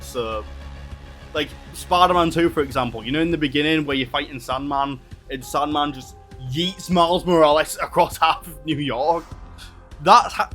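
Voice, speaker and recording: A man's voice: fairly high pitch, a bit bright. A man casually explaining game discs and storage in a home vlog, rambling and correcting himself as he goes. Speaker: gaming YouTuber. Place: home room with a console and desk.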